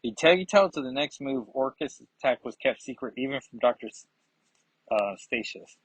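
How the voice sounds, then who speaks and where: A man casually talks through a comic book, rambling and correcting himself. His voice is husky and sits in a middle pitch. The recording is dry and close. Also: animated, normal speed, dry recording, poor audio. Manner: rambling, with frequent fillers and self-corrections. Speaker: comic reviewer. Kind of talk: casual comic review and read-aloud.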